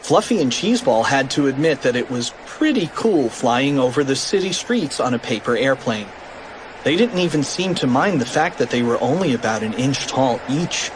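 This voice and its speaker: A man narrating a children's audiobook in an animated, expressive read. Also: mid-range voice, normal speed, noisy background.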